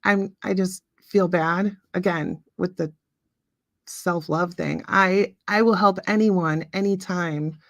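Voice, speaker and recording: Late-30s woman host, chatty, lots of ums, bit of fry in her voice, dry mic. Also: fairly low pitch, steady tone, takes it slowly, no room sound. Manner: chatty, reads out viewer comments, frequent ums. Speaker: livestream host. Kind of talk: casual chat with live viewers.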